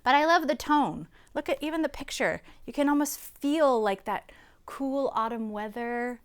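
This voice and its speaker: A woman hosting a children's storytime, reading a picture book aloud in a playful, expressive way, making animal sounds and pointing out the pictures to young listeners. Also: high-pitched, moderate pace, smooth. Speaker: storytime host.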